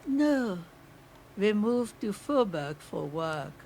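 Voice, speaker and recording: Casting: a stubborn old landlady in a game, scolding and lively in tone. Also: mid-range voice, slow pace, a little hiss or hum. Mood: defensive. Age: older. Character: stern old grandmother landlady, distrustful.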